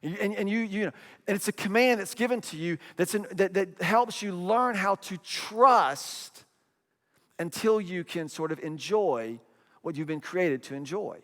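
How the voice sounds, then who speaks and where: A man's voice: high voice, a little slow, fairly bright tone, big-room sound. A middle-aged man preaching a sermon in a conversational way, repeating phrases and acting out quotes. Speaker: pastor.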